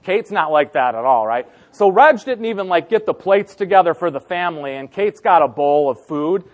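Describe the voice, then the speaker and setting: A man's voice: on the high side, lively intonation, normal speed. A man in his thirties preaching a sermon, telling a family story and acting out his family's lines with frequent laughter. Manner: laughing often through the story. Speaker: pastor.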